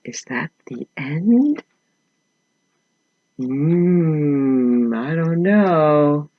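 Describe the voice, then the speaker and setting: A woman author reading her picture book aloud to children, gently asking them questions as she goes. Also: low-pitched, drawn-out words, narrow, tinny audio. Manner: animated storyteller.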